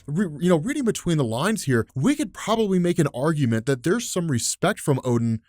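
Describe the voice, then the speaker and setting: Chatty man with a slightly high voice. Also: very animated, a little fast, a little mellow, no room sound, clean studio sound. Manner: chatty, filler-heavy, enthusiastic. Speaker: comic book explainer host. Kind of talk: casual commentary.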